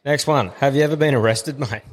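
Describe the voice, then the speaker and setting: Matey Australian podcast host. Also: male voice, medium pitch, a little fast, in a large hall. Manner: matey and informal, calls guest bro. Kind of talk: casual interview chat.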